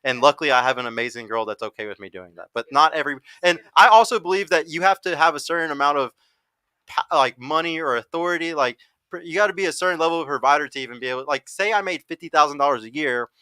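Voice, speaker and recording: A young man hosts a podcast panel, chatting casually in a fast, blunt way and swearing freely. His voice is a little high, smooth, and sharp in tone, and the recording is dry.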